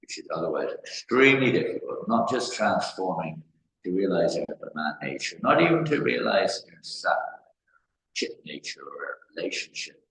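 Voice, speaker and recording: A very deep male voice from England delivers a devotional talk in a loose, storytelling way, circling back on his phrases. The recording is roomy, with the echo of a large temple hall. Faint background noise sits under the voice. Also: very animated, normal speed, a bit bright. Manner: rambling storytelling with repeated phrases. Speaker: spiritual teacher. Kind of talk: devotional discourse.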